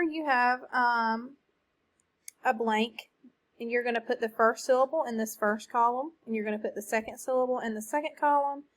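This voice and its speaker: A woman's voice: fairly high pitch, a bit bright. A woman teacher leading a recorded phonics lesson for children, drilling words in call-and-response.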